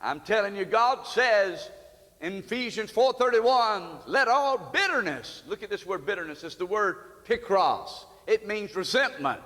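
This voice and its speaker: An older man preaches a sermon with an earnest, pleading tone. His voice sits high and bright, and it climbs into emphatic peaks. The sound carries a long hall reverb. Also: expressive, unhurried. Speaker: pastor.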